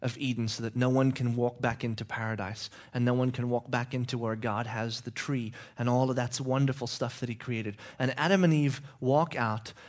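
A male preacher giving a conversational sermon, often checking in with his listeners with "okay?". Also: mid-range voice.

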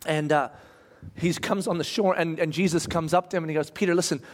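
Man, pastor, sermon, lively conversational storytelling, high voice. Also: fairly quick.

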